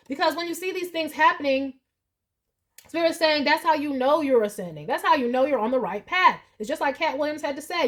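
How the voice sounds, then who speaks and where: A young woman giving a casual tarot reading, animated and profane, with loud high-pitched outbursts. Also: a little fast. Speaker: tarot reader.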